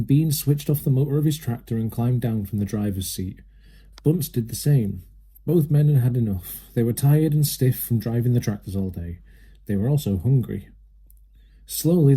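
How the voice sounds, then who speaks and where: A man narrating a children's storybook aloud with a steady, lively manner. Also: medium pitch, fairly quick, husky. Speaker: reader.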